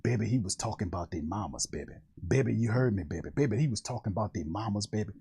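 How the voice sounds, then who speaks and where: Man putting on a deep-voiced old-school reverend. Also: expressive, vocal fry, dark tone, breathy edge, heavily acted. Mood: storytelling. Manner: slow, low preaching drawl repeating "baby".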